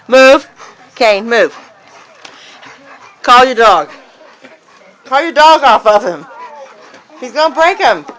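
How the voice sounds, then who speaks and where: A woman's voice: high-pitched, lively intonation, takes it slowly, pauses often, a bit bright. A woman filming her dog at home, laughing and scolding it with short repeated commands. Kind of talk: casual home video chatter.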